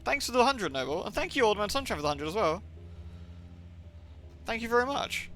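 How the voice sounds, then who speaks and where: A man's voice: high voice, very animated, fairly quick, fairly bright tone, slight background noise. A young man from England rambling and swearing on a livestream, with lots of filler words. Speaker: streamer. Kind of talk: livestream gaming chat.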